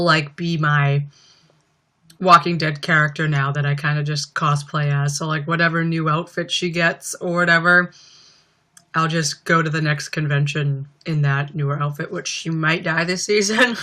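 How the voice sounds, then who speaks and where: A woman's voice: low-pitched, steady tone, unhurried, bright, forceful tone. A young woman chatting casually on a livestream, reading out viewer comments and rambling with lots of fillers. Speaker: livestream host.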